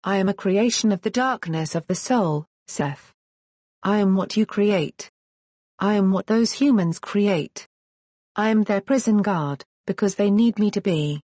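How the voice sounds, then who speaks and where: A woman voicing a calm, sinister male sorcerer of darkness in an audiobook story. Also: mid-range voice, no echo, studio quality, natural voice. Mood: calm menace. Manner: calm, slow, menacing.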